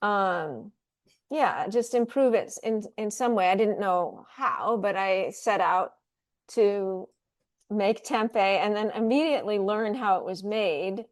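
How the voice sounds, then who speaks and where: A woman guest on a talk radio show speaks at an unhurried pace. Her talk is relaxed and chatty, often breaking into laughter. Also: medium pitch. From United States. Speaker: guest, food company founder. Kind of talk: casual interview talk.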